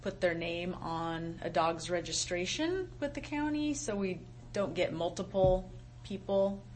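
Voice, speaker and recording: A woman from county staff explaining a rule at a public meeting, measured and full of ums. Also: fairly low pitch, sing-song, darkish tone, slight background noise, rough recording. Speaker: county animal services staff.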